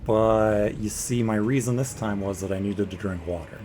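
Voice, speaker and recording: A man's voice: lowish voice, normal speed, dark tone, a little hiss or hum. A man giving casual, jokey let's play commentary, talking to the boss as he fights it. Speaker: gaming video creator. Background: game music.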